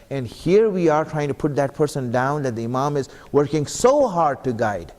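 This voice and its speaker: This mid-range male voice, darkish in tone and lively in intonation, comes from a speaker at an Islamic center preaching earnestly at normal speed. In the mosque hall he keeps asking the congregation questions, and the sound carries a long hall reverb.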